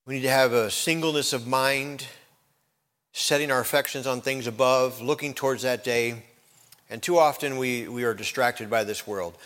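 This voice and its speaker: A man's voice: medium pitch, steady tone, moderate pace, a bit bright. A middle-aged man preaching a conversational sermon as pastor, repeating key phrases and laughing lightly.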